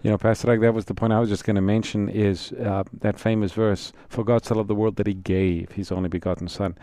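A man co-hosting a call-in radio Bible program, reflecting on scripture in a warm-hearted way. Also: fairly low pitch, level tone, quick pace, no room sound.

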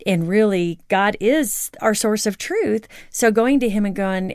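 A woman co-hosts a marriage podcast in casual conversation, earnest and reflective, her voice at a middle pitch. She laughs easily as she talks things through. The sound is dry and close, with no room around it. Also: lively intonation, unhurried, clear, resonant tone, no room sound. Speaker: podcast co-host.

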